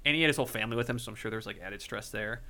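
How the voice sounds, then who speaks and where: Podcast host: man from Ohio, bright, edgy tone, animated and rambling. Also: lowish voice, rapid-fire. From Cleveland suburb, Ohio. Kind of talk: casual chat.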